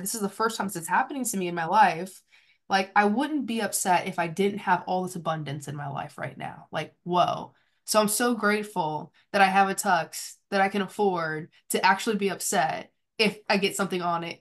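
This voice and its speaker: A woman hosting a relaxed podcast conversation, telling a story in a loose, rambling way with lots of filler words. Her pitch sits in the middle, and she slips into softer asides. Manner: rambling, many fillers, softly spoken asides. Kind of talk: casual chat.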